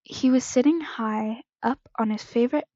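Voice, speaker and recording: A woman with a fairly high voice reads fan fiction aloud, stumbling over words and correcting herself as she goes. The recording is close and dry, from a home microphone with a slightly muffled, lo-fi tone. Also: moderate pace, mellow, no echo. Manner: unpolished reading with stumbles and self-corrections. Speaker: podfic reader.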